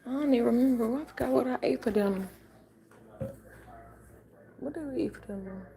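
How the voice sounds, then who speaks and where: A woman's voice: fairly high pitch, fairly quick, creaky, mellow, poor audio. An older woman hosting a late-night livestream from home, chatting in a sassy, casual way with her viewers while sleepy and yawning. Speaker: livestream host.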